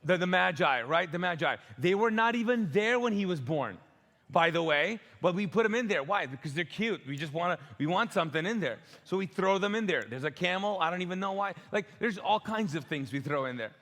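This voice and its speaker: Joking pastor from the Middle East, high voice. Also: male voice, animated, brisk, fairly bright tone. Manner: joking, conversational, acts out voices. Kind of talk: sermon. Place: church auditorium. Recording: long hall reverb.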